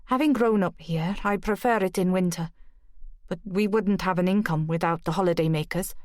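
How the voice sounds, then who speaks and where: A woman's voice: lowish voice, normal speed, a little mellow, no echo, studio quality, lightly acted. A woman reading the part of a chatty, friendly village woman.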